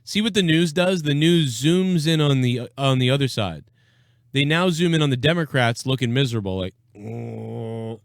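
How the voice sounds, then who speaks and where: With a slightly high, animated voice at normal speed, a young live-stream host delivers blunt, sarcastic political reactions laced with swearing. It's a casual stream with studio-quality sound and no echo.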